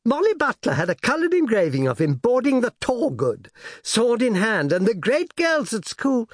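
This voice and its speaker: An excitable young girl gushes in a high, lively voice that leaps up and down, as a man puts her on. She is breathless and eager, and she sounds dry and close in a storybook reading. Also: moderate pace, dry recording, full character voice. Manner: breathless, gushing, high-pitched.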